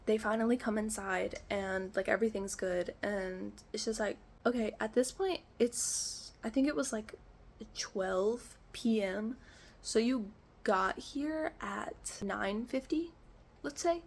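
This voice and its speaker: Slowly and with obvious exasperation, a young woman tells a storytime in her casual vlog, cursing frequently and saying "like" over and over. Her voice sits in the mid-range, and the indoor space is echoey.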